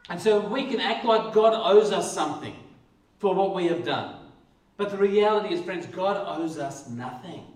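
A man's voice: high voice, moderate pace. A man preaching a sermon as pastor, talking earnestly and often repeating words as he starts a phrase. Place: church hall. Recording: echoey hall, voice from far off.

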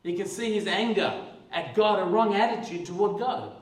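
A man's voice: high-pitched, moderate pace. A man preaching a sermon as pastor, talking earnestly and often repeating words as he starts a phrase. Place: church hall. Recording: echoey hall, voice from far off.

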